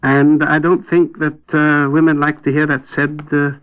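A man talking as a guest on a radio discussion, hesitant and wry, full of pauses and restarts, on a dull old radio recording. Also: a little high, level tone, clean tone. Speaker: guest commentator.

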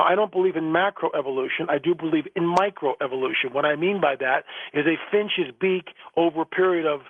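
A man's voice: fairly high pitch, no room sound. A male guest author in a radio interview, talking emphatically and often repeating words, over a phone line.

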